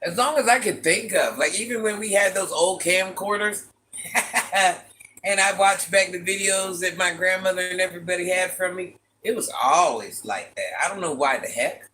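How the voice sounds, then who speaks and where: Woman, raspy deep voice, forceful and bright tone, chatty livestream host, teasing and direct. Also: normal speed, a little hiss or hum. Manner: chatty, teasing, talks straight to viewers. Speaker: livestream host reading chat. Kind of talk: casual live chat with viewers.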